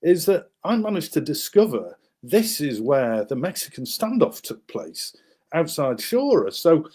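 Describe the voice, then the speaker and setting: With a somewhat high, slightly rough voice and an unhurried pace, a man appearing as a guest author relates a wartime story over maps. He's animated, playing the people he describes, and his telling is peppered with fillers and restarts.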